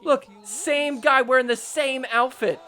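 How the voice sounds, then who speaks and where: High, bright-voiced excitable male podcaster. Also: unhurried. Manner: excitable, joking, mock-outraged. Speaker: podcast host recapping matches. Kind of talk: casual sports recap commentary.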